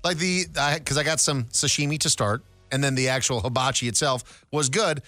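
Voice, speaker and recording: A man's voice: mid-range voice, fairly quick, sharp tone, dry recording, soft background music. A man co-hosting a radio talk show, telling a joking story in casual chat.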